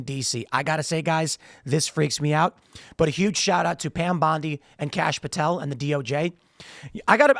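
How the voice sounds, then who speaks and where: A man's voice: on the high side, fairly bright tone, no room sound, clean studio sound. A man hosting a political commentary show, talking emphatically while losing his voice, often repeating words as he starts sentences. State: losing his voice, strained throat. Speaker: show host.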